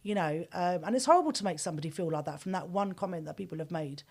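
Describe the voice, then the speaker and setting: A woman with a voice pitched on the low side talks as a guest on a casual podcast. She tells her stories with animation and makes her points in an outspoken, emphatic way. She runs a bridal boutique. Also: quick pace. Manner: animated storytelling.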